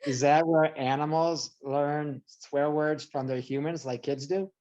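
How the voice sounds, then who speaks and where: A woman's voice: sits low, steady tone, a little slow, mellow, muffled recording. A woman co-host putting in short questions in a casual chat. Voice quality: brief interjections, curious questions.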